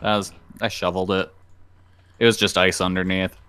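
A man's voice: deep voice, flat delivery, brisk, a bit bright, slight background noise. Man rambling through a joking story. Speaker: podcast host. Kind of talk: casual chat.

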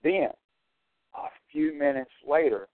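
A man's voice: fairly high pitch, lively intonation, slow pace, dry recording. A man delivering an earnest, repetitive preaching monologue, stressing his points over and over. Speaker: Christian prophecy broadcaster. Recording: tinny phone-like line, dry.

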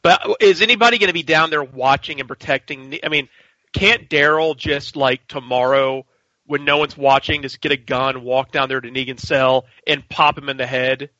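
A man co-hosting a podcast, with a bright, forceful voice pitched a little high. He talks in an animated way, and the audio is dull and lo-fi. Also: normal speed, no echo. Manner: animated, acts out scenes in shouted voices. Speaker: podcast co-host. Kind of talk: casual chat.

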